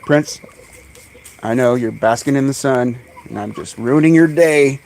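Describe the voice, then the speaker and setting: A man hosting a casual live stream outdoors among his birds, chatting away and calling to them in high coaxing tones, recorded on a phone. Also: unhurried, creaky, a little mellow, a little hiss or hum. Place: outdoors in a bird yard on a sunny day. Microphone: phone camera.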